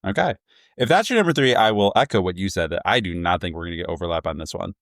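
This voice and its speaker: A man's voice: deep voice, expressive, quick pace, fairly bright tone, dry recording, studio quality. A man co-hosting a casual podcast chat, easygoing and prone to small chuckles between points. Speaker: guest co-host.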